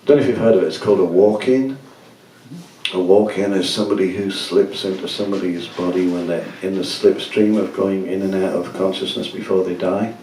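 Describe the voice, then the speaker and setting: A musician speaking at a book event tells rambling anecdotes to an audience in a gallery, laughing as he goes in a casual talk. His voice is low-pitched, steady, brisk and darkish. Recorded from far off in an echoey room, it has a little hiss or hum.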